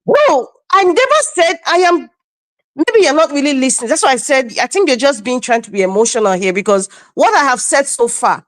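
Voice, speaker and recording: A woman's voice: high-pitched, animated, fast, few pauses, no echo. Insistent Nigerian woman debating heatedly. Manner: insistent, repeats herself, defensive. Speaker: panelist. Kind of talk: heated online panel debate.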